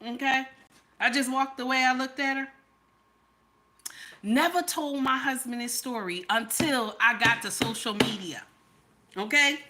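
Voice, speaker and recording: A woman's voice: sits high, unhurried, pauses often, pushed and bright, a little hiss or hum. A woman telling a personal story as relationship advice, emphatic and constantly checking in with her listeners. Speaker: vlogger giving relationship advice.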